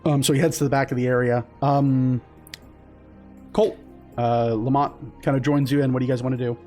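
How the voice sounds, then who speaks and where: A man's voice: medium pitch, steady tone, moderate pace, a little mellow, soft background music. A man narrating as game master in a loose, casual way with many fillers.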